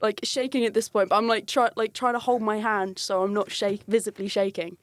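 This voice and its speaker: A woman's voice: medium pitch, fairly quick. Chatty woman telling a story. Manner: animated, laughs often, acts out quoted voices. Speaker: guest telling a work story. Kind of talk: casual storytelling.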